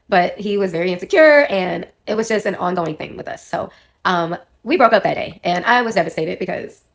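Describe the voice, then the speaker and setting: A woman in her thirties who is under the weather, telling a personal storytime in a quick, rambling way and correcting herself as she goes. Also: on the low side. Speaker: storyteller in a clip.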